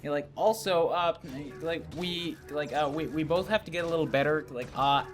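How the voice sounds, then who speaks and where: A man's voice: fairly high pitch, moderate pace. A young man hosting a let's play, chatting casually and rambling with lots of "like" and "uh". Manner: rambling, heavy use of "like" and "uh". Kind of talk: casual gaming commentary. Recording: game music behind.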